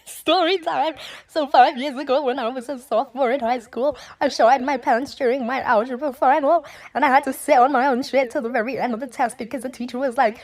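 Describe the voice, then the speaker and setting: Woman, 20s, high-pitched, self-mocking, laughs through a crude tale. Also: steady tone, brisk. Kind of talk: casual storytime monologue.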